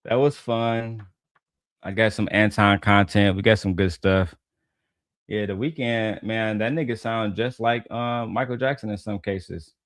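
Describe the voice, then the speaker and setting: A man hosts a relaxed show and jokes with his chat in loose, profane banter. His voice is smooth and clean. He talks in a casual, playful way. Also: lowish voice, measured pace, no room sound, studio quality. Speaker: show host. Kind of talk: casual talk between sung songs.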